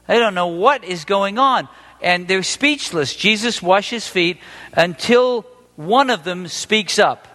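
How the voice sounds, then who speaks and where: Animated male preacher in a reverberant hall. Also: high voice. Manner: animated, questioning the audience, acting out quotes. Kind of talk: sermon.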